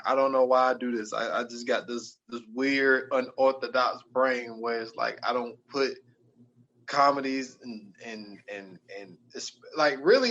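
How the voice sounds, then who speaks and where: A man's voice: mid-range voice, a bit bright. Musing man on dull lo-fi audio. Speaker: podcast co-host. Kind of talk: casual chat.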